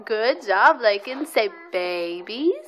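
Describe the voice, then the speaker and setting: A woman's voice: fairly high pitch, animated, takes it slowly, fairly bright tone. A woman filming a toddler on her phone at home, patiently prompting her to repeat words in a sing-song way and praising her often. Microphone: phone camera held by the speaker.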